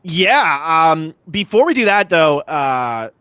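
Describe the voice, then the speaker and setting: A man's voice: fairly high pitch, sing-song, takes it slowly, sharp tone, smooth, dry recording. A man co-hosting a casual podcast chat, talking enthusiastically and joking as he gushes about his favorites. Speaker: podcast co-host.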